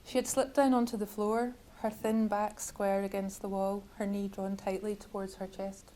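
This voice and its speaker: A woman author reading from her own novel at a bookshop event, measured and wryly literary. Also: medium pitch, flat delivery, dark tone, low-quality recording.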